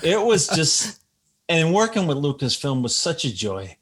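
A man's voice: a little high, big pitch swings, unhurried, fairly bright tone, husky. A man, an author, telling anecdotes in casual conversation and acting out the voices of the people he quotes. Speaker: author guest.

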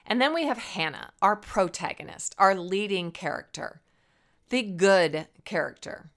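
A woman's voice: mid-range voice, animated, measured pace, fairly bright tone. A woman telling a Bible story as a lesson in a playful, dramatic way. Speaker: Bible teacher.

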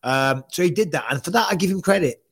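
A man hosting a casual combat-sports chat, emphatic and animated, often repeating himself. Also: a little high, quick pace, creaky, slightly rough. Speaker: podcast host. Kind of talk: casual fight-talk chat.

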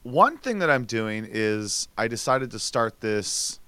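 Brief man, podcast co-host, casual animated storyteller, medium pitch, dry close sound. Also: slow, clean tone, no room sound. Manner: chatty, animated storytelling with restarts. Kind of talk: casual chat.

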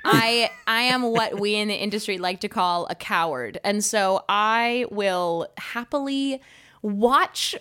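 A woman's voice: mid-range voice, takes it slowly, sharp tone, clear, resonant tone. A woman co-hosting a comedy podcast, telling a story in a chatty way, full of "like" and laughs. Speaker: podcast co-host.

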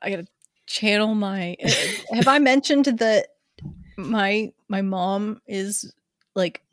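A woman with a New York accent co-hosting a casual podcast. She speaks very slowly, stretching out her shocked reactions, and her voice sits a little high. The sound is dry and close. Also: no room sound. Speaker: podcast co-host.

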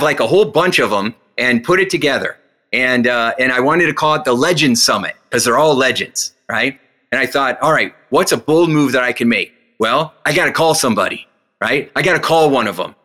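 Energetic and animated, the interviewee is a hypnotist and speaker recounting stories and performing the dialogue people spoke to him, pitch swinging widely. When he walks through the breathing exercise, his pace becomes slow and guiding.

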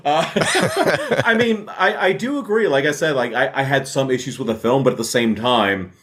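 A man's voice: mid-range voice, lively intonation, moderate pace, fairly bright tone. A man guesting on a podcast as a film historian, chatting casually in a wry, self-deprecating way.

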